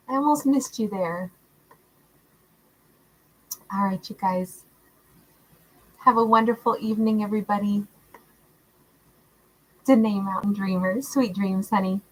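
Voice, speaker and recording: A woman hosting a livestream, greeting viewers by name in a warm, affectionate, chatty way and laughing often. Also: fairly high pitch, rough recording. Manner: warm, affectionate, calls viewers love and honey. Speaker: tarot livestream host. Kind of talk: casual livestream chat reading out viewer comments.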